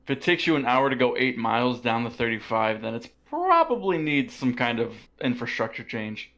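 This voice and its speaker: A man's voice: medium pitch, very animated, normal speed, bright, forceful tone. A man who is a guest on a casual live stream, talking in a playful, teasing way. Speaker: guest co-host.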